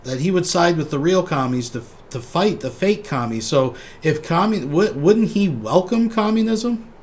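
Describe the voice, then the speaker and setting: A man's voice: a little high, expressive, moderate pace, a little hiss or hum. Wry rambling male commentator. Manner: wry, rambling, trails off with fillers. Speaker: host. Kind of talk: casual commentary.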